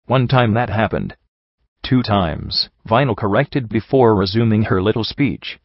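Low voiced guy reading a story, steady, dry dull mic. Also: unhurried, no room sound. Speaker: story reader. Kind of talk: narration of a fan story.

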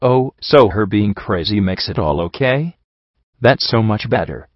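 A man plays a bitter young stallion in an audiobook, sarcastic and low-voiced, the sound dry and a bit dull. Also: expressive, unhurried, dry recording. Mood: angry. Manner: angry and sarcastic.

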